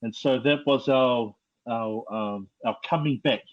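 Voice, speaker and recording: A middle-aged man with a New Zealand accent, telling his life story as a podcast guest in a slow, reflective way with many fillers. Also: mid-range voice, highs cut off. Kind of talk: personal testimony.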